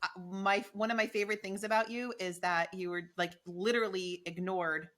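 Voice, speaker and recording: A woman's voice: medium pitch, normal speed. A woman co-hosting a casual podcast chat, telling stories animatedly and acting out what people said. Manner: animated storyteller acting out quoted lines. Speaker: podcast co-host.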